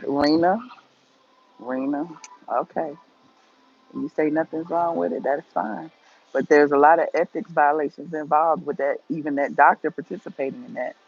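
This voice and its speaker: Gravelly, husky woman on a tinny livestream. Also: deep voice, steady tone, normal speed. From Atlanta, USA. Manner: opinionated, talks straight to viewers, reads out comments. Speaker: gossip vlogger answering live chat. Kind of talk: casual livestream commentary.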